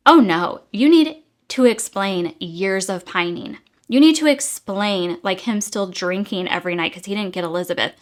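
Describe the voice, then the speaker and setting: A young woman rants through a casual book review, chatty and exasperated. She fills her talk with little fillers, and her pitch sits in a middle range. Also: expressive, normal speed, fairly bright tone.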